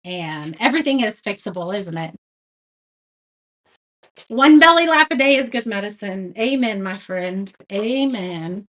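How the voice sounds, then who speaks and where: Her medium-pitched voice has lively intonation, a fairly bright tone, and a slightly slow pace. Hosting a craft livestream, she's chatty and self-deprecating, reading out viewers' comments and laughing at her slip-ups.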